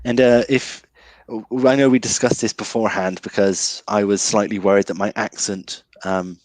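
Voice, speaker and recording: A man's voice: lowish voice, fairly even intonation, normal speed, no echo. A man talking about a film as a guest in a casual chat, hesitant and full of restarts. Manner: hesitant, restarts with many ums.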